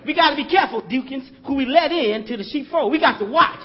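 Preacher guy, real high voice, dull lo-fi church tape. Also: expressive, fast. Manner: calls on the congregation, chuckling, conversational preaching. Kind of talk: sermon.

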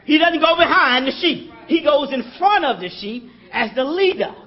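A man's voice: very high-pitched, expressive, normal speed, dull audio. A man preaching a sermon in a conversational style, calling out to the congregation and chuckling as he talks.

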